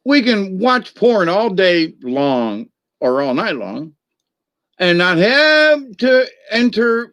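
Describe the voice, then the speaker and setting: A man's voice: high voice, very animated, slow, fairly bright tone, no room sound. A middle-aged man hosting a Catholic channel in a rambling, jokey livestream chat, cackling with laughter often.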